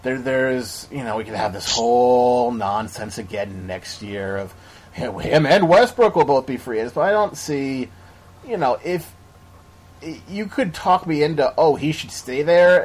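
Husky-voiced man in casual sports chat. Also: mid-range voice, animated, normal speed. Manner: rambling, restarts often, opinionated. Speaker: podcast co-host.

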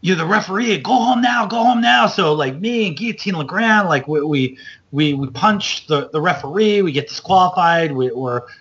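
A man tells stories on his podcast in a rambling, animated way, jumping up in pitch whenever he acts out what someone said. His voice sits a little high for a man. The recording is dull and lo-fi. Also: normal speed. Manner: animated, loose storyteller, acts out quotes with big jumps up in pitch. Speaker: podcast host. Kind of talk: casual storytelling chat.

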